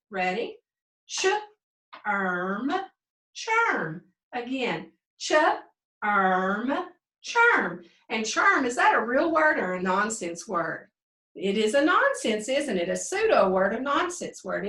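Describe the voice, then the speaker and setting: A woman teaching a phonics lesson to young children, sounding out words slowly in an encouraging sing-song way. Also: fairly high pitch, sing-song, a bit bright, reverberant, far from the mic. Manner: slow, drawn-out sounding out of words. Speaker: second grade teacher.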